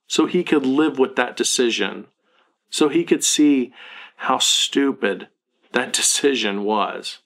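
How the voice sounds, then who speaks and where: A man's voice: mid-range voice, gravelly. A man in his thirties, a parenting blogger, talking earnestly and self-critically to camera in a confessional vlog.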